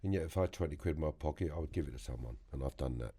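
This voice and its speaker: A man with a London accent, a podcast guest telling animated prison stories, acting out other people's voices and swearing freely. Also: very deep voice, rapid-fire, breathy edge. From England. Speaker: interview guest. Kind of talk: storytelling interview. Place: podcast studio.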